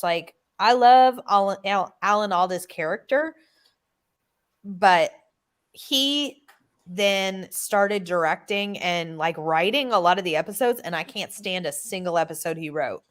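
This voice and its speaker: A woman chats over a home mic as co-host of a reading stream. Her voice is mid-pitched and ordinary, and her chatter is easy and enthusiastic, with restarts and asides. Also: a little slow. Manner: chatty, enthusiastic about old TV shows. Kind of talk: casual chat.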